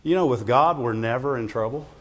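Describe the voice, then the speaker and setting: This pastor speaks a little fast in a mid-range, slightly bright voice. He gives a conversational sermon in the church sanctuary, often asking the congregation "Amen?" or "Right?", and the recording sounds dull and echoey.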